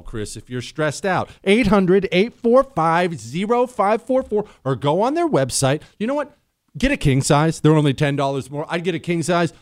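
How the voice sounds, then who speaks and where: A man's voice: on the high side, no room sound, studio quality. A man hosting a talk radio show, sarcastic and jokey, mixing opinion with ad reads. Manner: sarcastic, mocking, lively and jokey. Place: radio studio. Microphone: studio mic.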